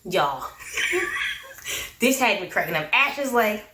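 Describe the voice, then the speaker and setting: A woman's voice: mid-range voice, expressive, slow pace, long pauses, bright, forceful tone. A woman giving a casual, sassy recap of a reality show, laughing often. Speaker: recap vlogger. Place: her room. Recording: echoey room.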